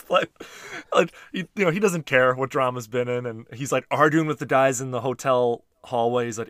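Relaxed male co-host, mid pitch, dry close mic, casual recap chat. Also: fairly quick, dry recording. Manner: easygoing, frequent short agreements. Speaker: podcast co-host.

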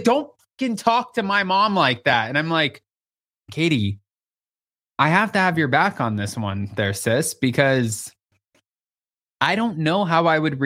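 A man hosting a casual recap chat, lively, acting out quotes and swearing freely. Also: fairly high pitch. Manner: animated, acts out quotes, swears. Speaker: podcast host.

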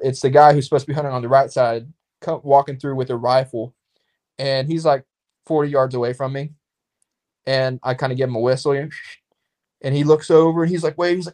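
A man in casual podcast chat, telling a long story in a rambling, lively way and acting out the exchanges he quotes. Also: mid-range voice, fairly quick.

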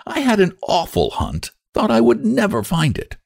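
A man doing a sharp, nosy old woman. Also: high voice, huge pitch swings, moderate pace, gravelly, pitched above the performer's own voice, exaggerated voice.

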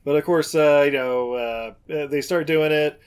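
A man's voice: a little high, moderate pace, smooth. Chatty man recapping with a laugh. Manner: laughing, rambling storyteller. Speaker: podcast co-host. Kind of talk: casual film-recap chat.

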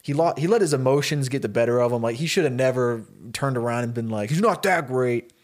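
A man co-hosting a podcast, casually telling a story and jumping into his characters' voices as he goes. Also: mid-range voice. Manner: animated, acts out characters' lines in quick bursts. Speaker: podcast co-host pitching a story.

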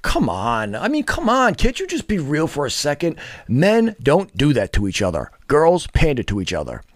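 A man's voice: on the high side, huge pitch swings, normal speed, no room sound. A man ranting bluntly to camera as a fitness and dating vlogger, profane, scornful and lecturing.

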